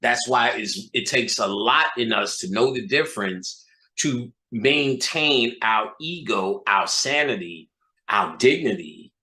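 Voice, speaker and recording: A man's voice: medium pitch, lively intonation, slow, sharp tone. Profane, emphatic male lecturer, roomy echo. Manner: emphatic, swearing, street-talking, rhetorical repeats. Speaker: occult lecturer.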